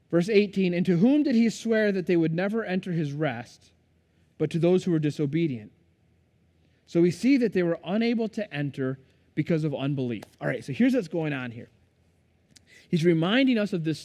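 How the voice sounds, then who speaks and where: A man's voice: high voice, a little mellow, long reverb tail. A man preaching a sermon as pastor, in a loose, conversational way that keeps checking in with the congregation. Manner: conversational, asks the congregation questions. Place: church sanctuary.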